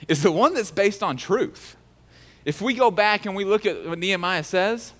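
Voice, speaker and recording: A man's voice: high-pitched, pushed and bright, long reverb tail. A male pastor preaching a sermon in a casual, joking way.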